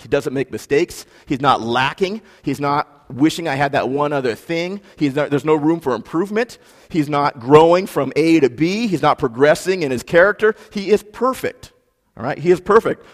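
A man preaching a sermon in a relaxed, conversational way, with fillers and emphatic repetition. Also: a little high. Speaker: pastor. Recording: long hall reverb.

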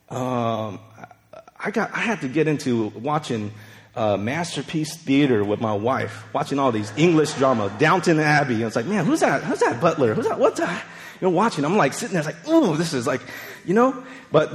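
A man's voice: a little high, in a large hall. A man in his forties preaching a casual, conversational sermon, telling stories and checking in with frequent asides. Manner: chatty, storytelling, frequent "right?" asides. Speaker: pastor.

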